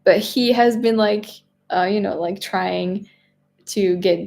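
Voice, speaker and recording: Speaking slowly with vocal fry in a medium-pitched, slightly mellow voice, a woman from France hosts a casual live stream chat. Her French accent comes through as she reads viewer questions, chatting, laughing often, and repeating and restarting her sentences.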